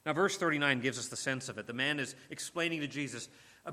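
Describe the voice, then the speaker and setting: Forceful, bright-voiced male preacher. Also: mid-range voice, fast talker. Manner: earnest, emphatic, with frequent repeated words and restarts. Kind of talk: sermon.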